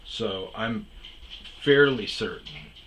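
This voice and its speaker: A man's voice: fairly low pitch, takes it slowly, fairly bright tone, slight background noise. A middle-aged man hosting his own podcast, rambling through a profane, exasperated rant. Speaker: podcast host. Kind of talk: casual rant.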